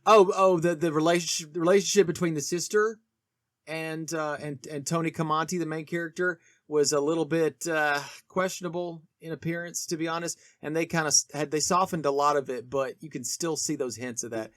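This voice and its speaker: A man's voice: fairly high pitch, steady tone, a little fast, fairly bright tone, no echo, studio quality. A man co-hosting a casual film discussion podcast, rambling with many restarts and fillers. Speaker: podcast co-host.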